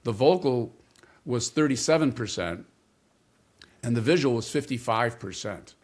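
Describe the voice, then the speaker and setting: A man as an interview guest, explaining communication ideas in a measured way and stressing key words. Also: mid-range voice, animated. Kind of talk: interview conversation.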